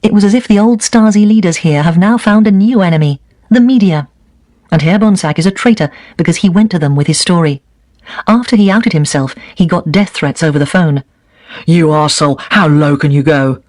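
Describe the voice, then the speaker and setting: A man reading a first-person memoir aloud at a steady, even pace. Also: sits high, brisk, no room sound. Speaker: reader of a set text.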